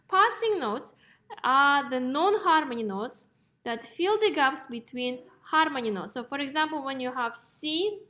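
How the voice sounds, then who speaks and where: A woman teaching a music theory lesson, explaining step by step and checking in with "okay?" and "yes?". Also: sits high. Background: piano notes played between phrases.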